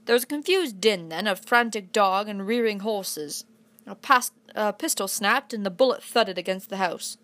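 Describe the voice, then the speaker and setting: A woman narrating a classic adventure novel aloud in an imitated English accent, in steady first-person storytelling. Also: mid-range voice, moderate pace. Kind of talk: storybook reading.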